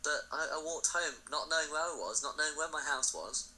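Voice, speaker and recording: Bright-voiced young man. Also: on the high side, poor audio. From England. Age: young adult. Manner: chatty, quick storytelling, swears freely. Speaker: podcast guest, university student. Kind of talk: casual chat.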